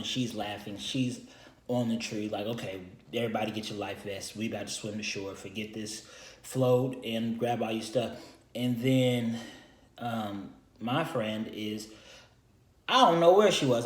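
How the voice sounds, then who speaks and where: A young man vlogging, telling a long story in a casual, animated and rambling way, with lots of repeated phrases. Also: medium pitch. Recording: echoey room.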